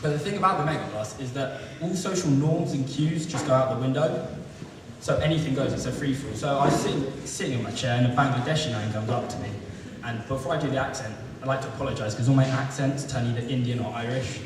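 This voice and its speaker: A man's voice: mid-range voice, quick pace. Young male student comic, self-deprecating and rambling, heard distant in a big reverberant hall. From London. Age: young adult. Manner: self-deprecating, rambling, lots of ums and restarts. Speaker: student stand-up comedian. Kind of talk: stand-up comedy set. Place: live comedy venue with audience. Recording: echoey hall, mic from far off, audible noise.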